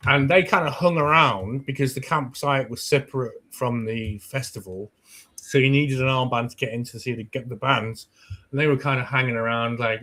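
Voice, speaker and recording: Lively british man telling a story. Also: medium pitch, fairly quick. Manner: animated, swears freely, acts out his own past thoughts. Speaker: podcast host. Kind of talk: casual chat, storytelling.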